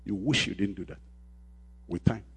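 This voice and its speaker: Husky preaching man, call and response. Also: low voice, normal speed. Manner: call-and-response preaching, repeating phrases, swings from shouting to quiet. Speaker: pastor. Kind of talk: sermon.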